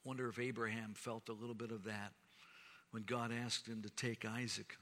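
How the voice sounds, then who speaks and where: A man preaching a sermon, measured and rising to emphatic declarations. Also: on the low side, flat delivery, fairly bright tone. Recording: long hall reverb.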